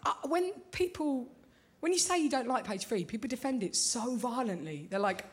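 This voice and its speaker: A woman's voice: fairly high pitch, sing-song, normal speed. A young woman performing a stand-up comedy set in a club, chatty and often checking in with the crowd. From Britain. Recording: loud crowd noise in a club.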